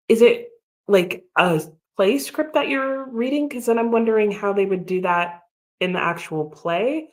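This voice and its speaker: An American woman hosting a casual reading livestream, chatting about her book and reading out and answering viewer comments. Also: lowish voice. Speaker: livestream host. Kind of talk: casual readalong chat.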